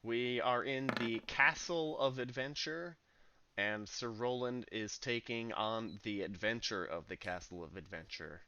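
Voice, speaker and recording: A man's voice: mid-range voice, unhurried, bright, forceful tone, clean tone, no room sound, lo-fi sound. A man running a tabletop game as game master, narrating scenes casually with frequent hesitations. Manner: casual, hesitant with many "uh"s, laughs easily.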